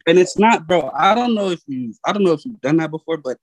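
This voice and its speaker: A young man with a fairly high voice co-hosts a casual podcast chat. He jokes along and often stumbles, restarting his sentences. The recording is close and dry, with no room sound. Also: expressive, fast talker, no echo, rough recording. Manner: joking, stammering with many restarts. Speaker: podcast co-host.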